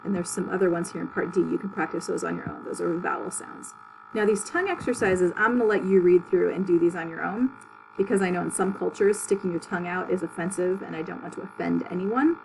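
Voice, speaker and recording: A woman teaching a public speaking class, walking students through articulation drills with clear, exaggerated syllables and plain instructions. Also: lowish voice, fast talker, background noise.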